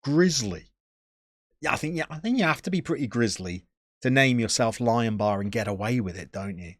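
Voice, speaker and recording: A man streaming and bantering with his chat in a lively, bouncing voice. He sounds jokey and opinionated, and the sound is dry and close, with no room in it. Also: mid-range voice, fairly quick, dry recording. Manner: chatty, joking, opinionated banter. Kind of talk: casual chat answering live chat.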